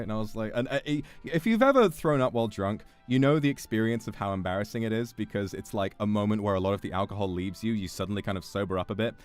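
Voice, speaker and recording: A young British man with a fairly low voice tells a story in an easy, chatty way, swearing freely and breaking into laughter. Faint music plays behind him. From Britain. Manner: swearing, laughing often, animated retelling. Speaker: streamer. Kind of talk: casual storytelling chat.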